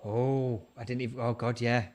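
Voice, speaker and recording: A man's voice: mid-range voice, little pitch movement, moderate pace, a little mellow. A man with a West Yorkshire accent, hosting a casual online pub chat, bantering and laughing often. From England. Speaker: host.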